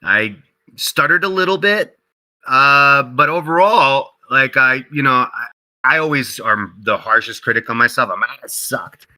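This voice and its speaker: A man being interviewed as a guest, telling a casual story in an animated way, acting out quoted dialogue, with many fillers and restarts. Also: medium pitch, a little slow, poor audio. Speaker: interview guest, game company co-founder.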